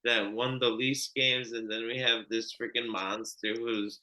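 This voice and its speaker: A man's voice: mid-range voice, level tone, a little slow, sharp tone, poor audio. A man co-hosting a sports betting podcast, talking loosely and with swearing, repeating points as he goes. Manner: loose, profane, repeats himself. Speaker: podcast co-host. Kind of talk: casual sports betting chat.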